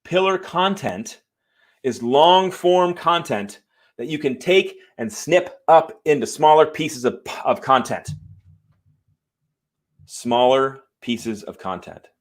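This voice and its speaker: This man also hosts a live show from a room in his home, addressing viewers with fired-up emphasis and saying sorry after he swears. His voice sits on the high side and sounds animated, though his pace is slow.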